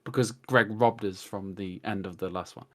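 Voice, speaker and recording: An English man chatting as a podcast guest, rambling excitedly through stories, swearing and laughing, on a cheap microphone over a video call. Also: lowish voice, normal speed. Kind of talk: casual chat. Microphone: cheap desktop mic on a video call.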